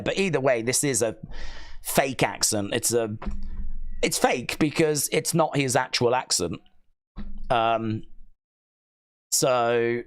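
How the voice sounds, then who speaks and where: A man hosting a live wrestling watch-along, rambling and hesitant as he answers chat questions. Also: medium pitch. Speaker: live stream host. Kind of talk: casual watch-along commentary.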